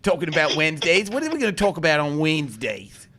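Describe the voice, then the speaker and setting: A man's voice: fairly high pitch, sing-song, quick pace, pushed and bright. A man co-hosting a chat show, joking around in a mock New Zealand accent and repeating goofy slang. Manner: playful, keeps repeating goofy slang catchphrases. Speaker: co-host.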